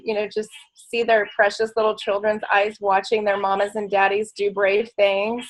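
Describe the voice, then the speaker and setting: A woman's voice: medium pitch, poor audio. A middle-aged woman leading a motivational business training, telling her story in a heartfelt, emotional way. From United States. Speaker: network marketing leader.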